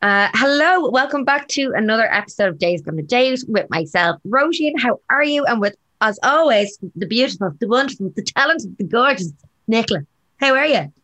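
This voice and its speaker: A young Irish woman co-hosting a dating podcast in a casual, rambling chat, a little raspy after a night out and laughing often. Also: fairly high pitch, animated, a little fast, a bit bright, highs cut off. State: slightly raspy and hungover. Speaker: podcast co-host.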